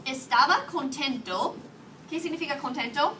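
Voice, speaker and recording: A woman teaching a high school Spanish class, questioning her students and mixing English with Spanish. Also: lively intonation, normal speed, bright, forceful tone. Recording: distant mic, noisy classroom.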